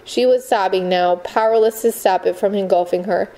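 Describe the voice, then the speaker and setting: A woman narrating a novel in a measured, expressive storytelling voice. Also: mid-range voice, rough recording. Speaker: audiobook narrator. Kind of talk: scripted narration.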